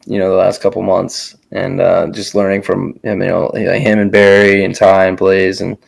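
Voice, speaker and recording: A young man hosting a relaxed casual chat, talking loosely with a lot of um and you know. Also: sits low, normal speed, creaky, poor audio. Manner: relaxed, many fillers and restarts.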